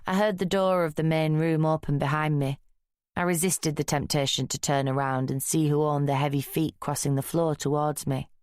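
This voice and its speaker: Woman, audiobook narrator, low pitch, wry, measured, dry recording. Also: steady tone, a little mellow, clean tone, no echo.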